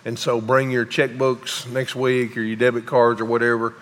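A man, a pastor speaking haltingly and emotionally to his congregation, often pausing and sighing. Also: mid-range voice, completely flat delivery, fairly bright tone. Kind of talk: emotional sermon announcements. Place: large church sanctuary. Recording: long hall reverb.

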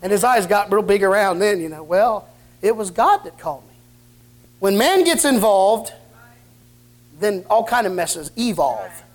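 A man's voice: high-pitched, animated, a little slow, long pauses. A man pastor preaching a sermon to a church congregation in a folksy, plainspoken storytelling manner. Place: church service with congregation answering.

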